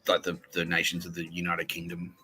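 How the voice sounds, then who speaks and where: A man hosting a podcast in a rambling, profane comedic monologue, jumping between loud outbursts and low mutters. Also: completely flat delivery, brisk, faint music behind, rough recording. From Australia. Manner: crude and profane, swings between loud bursts and mumbles. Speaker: podcast host.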